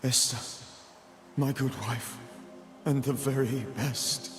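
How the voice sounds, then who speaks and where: A man's voice: medium pitch, fairly even intonation, slow pace, close to an everyday voice. An actor voicing the ghost of a grieving husband who pleads to stay and protect his wife. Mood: pleading. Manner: pleading, mournful. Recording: game audio with long reverb and music.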